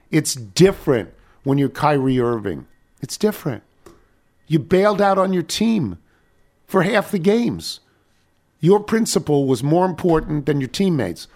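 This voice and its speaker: A man's voice: fairly high pitch, darkish tone. Ranting older talk radio host man. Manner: indignant, ranting, rhetorical questions. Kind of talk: casual talk radio banter.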